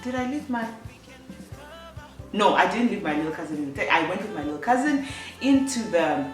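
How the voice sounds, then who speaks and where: A woman's voice: fairly low pitch, lively intonation, fairly quick, distant mic. A young woman telling a personal story on her vlog, chatty, with lots of fillers and self-corrections. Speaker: vlogger. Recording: echoey room, voice off-mic, faint music.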